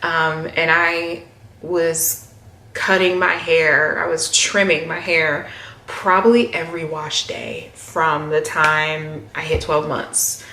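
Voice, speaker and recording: A woman's voice: sits low, level tone, slow pace, pushed and bright, slight background noise. A woman in her thirties chatting casually to camera about her hair, with many fillers and voiced quotes. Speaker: hair vlogger. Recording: echoey room.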